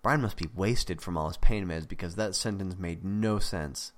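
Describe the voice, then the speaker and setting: A man reading a novel aloud in plain, even scripted narration. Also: sits low, moderate pace, few pauses. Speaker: audiobook narrator.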